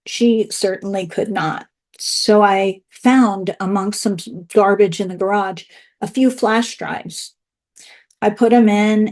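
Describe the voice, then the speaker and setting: Woman, mid-pitch, candid personal testimony on a video call, emotional and plainspoken. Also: darkish tone. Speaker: speaker at an online event.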